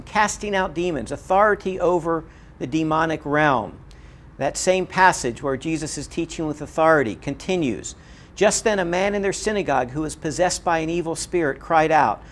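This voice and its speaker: A man delivers a Bible lecture in an earnest, emphatic way, circling back to repeat his key points. His voice sits a little higher than most men's. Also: expressive, normal speed. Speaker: Bible teacher. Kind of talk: recorded lecture.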